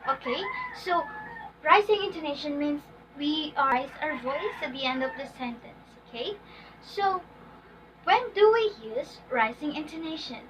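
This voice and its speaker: A woman's voice: high voice, animated, unhurried. A woman teacher giving a lesson, often checking in with "okay?" and reading example sentences aloud. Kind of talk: classroom lesson on intonation. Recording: distant mic, dull lo-fi sound, faint noise.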